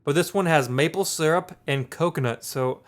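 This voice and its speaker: Playful male co-host, slightly high voice. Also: moderate pace. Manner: playful, repeats words, wordplay. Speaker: podcast co-host. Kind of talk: casual chat.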